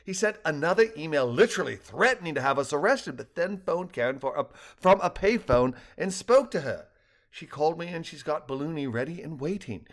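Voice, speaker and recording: An older man voicing an excited, hurried husband in a read-aloud story. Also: a little high.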